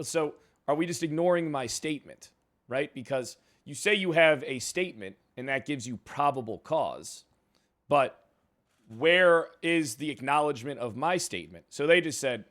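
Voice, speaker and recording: A man's voice: medium pitch, animated, moderate pace, fairly bright tone. A man streaming in character as a suspended police chief, giving a heated, profane, rambling recap of a meeting. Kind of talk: in-character roleplay storytelling.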